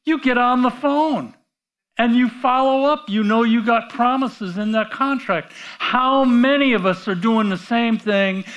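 A man delivers a sermon at an unhurried pace, talking to the congregation as if in conversation. His voice sits high for a man. He often stops and repeats himself mid-thought before pressing on. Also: a bit bright. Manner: conversational preaching with rhetorical questions to the audience; halting restarts and repeated words. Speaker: preacher.

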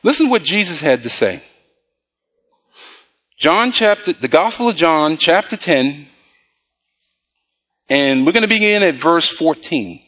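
A male preacher giving a sermon, quizzing the congregation with call-and-response questions and reading scripture slowly. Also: fairly high pitch, very animated, fairly bright tone.

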